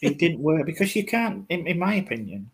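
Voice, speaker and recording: A man co-hosting a podcast in casual chat, speaking in a calm, measured way. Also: fairly high pitch, slightly rough. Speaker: podcast co-host.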